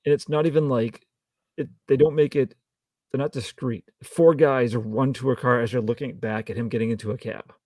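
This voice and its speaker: A man co-hosting a podcast, trading wry asides and dry jokes about a film in a gravelly, husky voice. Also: medium pitch, steady tone, normal speed, mellow, no echo. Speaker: podcast co-host. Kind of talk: casual film review chat.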